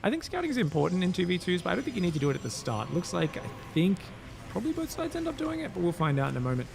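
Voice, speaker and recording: A man's voice: sits high, wildly swooping pitch, very fast, vocal fry, noisy background. A man casting a live strategy game match, joking and bantering energetically with his co-caster. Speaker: esports caster.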